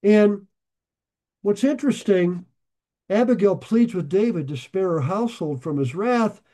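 A man's voice: sits high, expressive, measured pace, dark tone. A man leading a conversational Bible study sermon, reading verses aloud and then explaining them in loose, joking asides. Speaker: Bible teacher.

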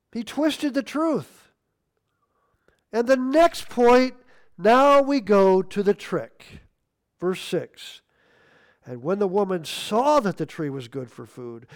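A man with a notably high voice delivers a sermon at an unhurried, drawn-out pace. He leans hard on key words, then drops into soft asides between the readings. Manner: emphatic, swinging between loud stresses and quiet asides. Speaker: preacher.

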